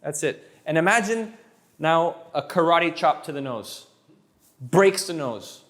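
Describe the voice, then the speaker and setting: Man, high voice, French mother tongue, animated Spanish tutor, playful, repeats himself. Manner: animated, quick, with playful asides and repeated words. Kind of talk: energetic one-on-one language lesson.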